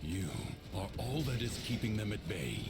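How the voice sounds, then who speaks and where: A man's voice: fairly low pitch, big pitch swings, normal speed, creaky, heavy background noise. An actor playing a solemn male war leader in a video game, speaking in formal proclamations. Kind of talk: game character dialogue. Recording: game audio under loud music.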